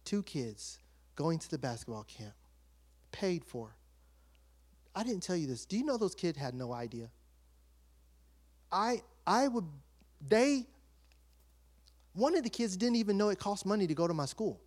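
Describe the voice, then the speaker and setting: Middle-aged man, pastor preaching in a lively storytelling style, drops to near-whispers and rises to loud bursts. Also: high voice, a little slow, pauses often. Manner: animated, swings from hushed asides to loud emotional outbursts. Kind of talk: storytelling sermon.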